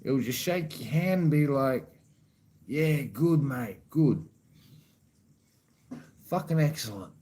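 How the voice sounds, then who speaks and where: A man's voice: medium pitch, expressive, slow, long pauses, warm tone, poor audio. A man with an Australian accent chatting casually to camera in a laid-back way, swearing freely and saying "you know what I mean" a lot. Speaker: vlogger.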